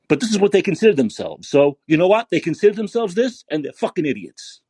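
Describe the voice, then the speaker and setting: Angry ranting man, husky lively voice. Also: high-pitched, quick pace, dry recording. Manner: profane, sarcastic, ranting. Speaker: podcast host. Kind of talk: angry political rant. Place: San Francisco.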